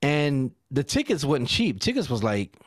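A man's voice: mid-range voice, huge pitch swings, moderate pace, no room sound, clean studio sound. A man telling a story in casual podcast chat, easygoing and stumbling over his words. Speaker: podcast co-host.

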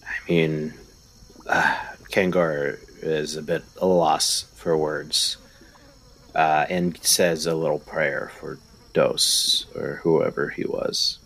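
A man's voice: a bass voice, fairly even intonation, takes it slowly, vocal fry, fairly bright tone, slightly rough. A man playing in a tabletop game, speaking hesitantly with many fillers. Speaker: player.

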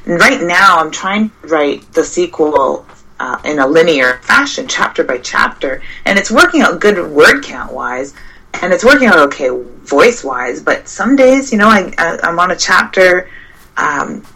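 A woman's voice: fairly low pitch, sing-song, normal speed, bright, forceful tone, slightly rough, poor audio. A woman, a horror writer, chatting casually and somewhat hesitantly about her writing. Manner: rambling, hesitant. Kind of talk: casual chat. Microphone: remote call mic with feedback.

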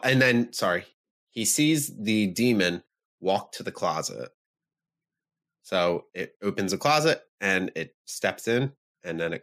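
Man casually recapping a horror film. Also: on the low side. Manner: animated, laughs often, recaps the plot. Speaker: podcast co-host.

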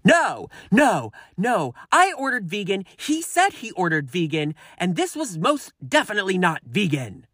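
An indignant, entitled woman customer complains in a whiny, insistent voice, her pitch pushed up and swooping widely, as a podcast host puts her on. She repeats her accusations again and again. The sound is dry and close, with no room in it. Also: huge pitch swings, measured pace, few pauses, a bit bright, dry recording, full character voice.

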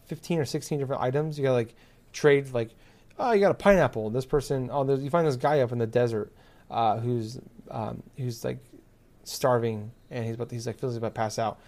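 A man's voice: mid-range voice, fairly quick, darkish tone. Profane, ranting man in casual chat. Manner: profane, exasperated ranting with many fillers.

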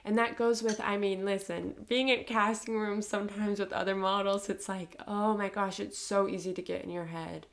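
A young woman interviewer in her twenties who talks in a casual, gushing way. Her speech is full of "like" and "oh my gosh", and her pitch sits at an everyday middle level. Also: flat delivery, normal speed, vocal fry, hardly any pauses. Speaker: interviewer, host.

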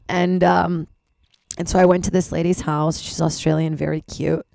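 A woman hosting her own podcast, talking frankly and rambling, swearing and poking fun at herself, with a hoarse voice from losing it. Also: low voice, little pitch movement, normal speed, darkish tone, dry recording, clean studio sound. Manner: frank, rambling, swears freely, self-deprecating. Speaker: podcast host. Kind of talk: candid solo podcast monologue.

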